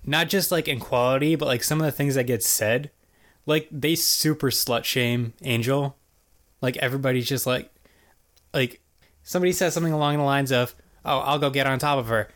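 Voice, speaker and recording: A man's voice: mid-range voice, moderate pace. A man co-hosting a podcast, recapping a cartoon episode in casual, rambling chat full of "like" and "basically". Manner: rambling, filler-heavy storytelling. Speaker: podcast co-host.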